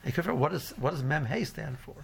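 A man's voice: on the high side, fairly quick, vocal fry, a little hiss or hum. A middle-aged man teaching a casual Torah class, rambling with many fillers and restarts and mixing in Hebrew phrases. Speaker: yeshiva teacher.

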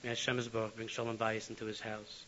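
A man giving an animated sermon full of storytelling, on a lo-fi recording with faint hiss. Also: on the low side, quick pace. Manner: animated, swinging from loud to hushed. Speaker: religious speaker.

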